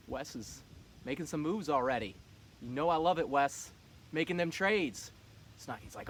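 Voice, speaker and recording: A man's voice: a little high, lively intonation, moderate pace, slight background noise. A man running a fantasy football league, talking casually and teasing the other players with cocky trash talk.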